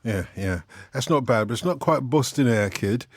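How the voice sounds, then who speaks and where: A man's voice: medium pitch, expressive, normal speed, dry recording, clean studio sound. A man hosting a late-night radio phone-in, teasing his guests and reading out listener messages. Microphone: studio microphone.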